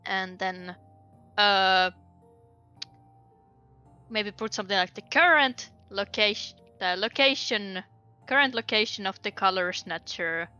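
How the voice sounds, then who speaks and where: A woman's voice: medium pitch, expressive, measured pace, pauses often, bright, forceful tone, smooth, muffled recording, faint music behind. A woman playing a tabletop game, planning aloud in a rambling, casual way. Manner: rambling, many fillers. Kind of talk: casual chat.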